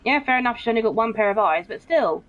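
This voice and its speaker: A woman's voice: on the high side, animated, fast talker. Chatty woman streaming a game. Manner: chatty and blunt, swears often, keeps saying bro. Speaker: gaming streamer. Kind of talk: casual live gameplay chat, reading viewer comments. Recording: muffled, dull stream audio.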